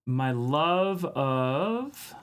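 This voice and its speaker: A man's voice: on the high side, expressive, drawn-out words, a little hiss or hum. A man from Minnesota hosting a casual art live stream, chatting and laughing with viewers while he draws. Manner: chatty, laughs often, reads chat aloud.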